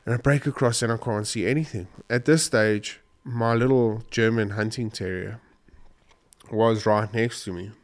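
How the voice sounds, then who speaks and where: A man's voice: lowish voice, fairly even intonation, normal speed. A man vlogger telling a hunting story in a rambling, emotional way, choked up and sniffly. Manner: emotional, rambling retelling with restarts. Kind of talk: casual storytelling to camera.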